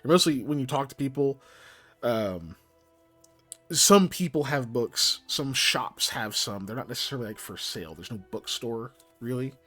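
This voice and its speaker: A man running a tabletop game, describing the scene in a loose, rambling way with plenty of fillers and restarts. His pitch moves around a lot as he talks. Music plays faintly behind him. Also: animated, moderate pace, fairly bright tone. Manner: casual, rambling, many fillers. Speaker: game master.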